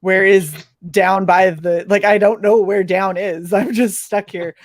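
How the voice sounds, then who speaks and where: A woman's voice: medium pitch, fairly even intonation, a little slow, no room sound. Blunt, laughing woman co-host; dry, close recording. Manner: blunt, swears freely, laughs often. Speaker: podcast co-host. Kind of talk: casual chat.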